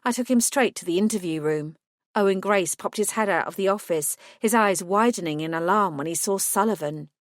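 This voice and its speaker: A woman's voice: medium pitch, brisk, dry recording, studio quality. A woman reading a first-person audiobook in a scripted narration style, voicing each character with small shifts.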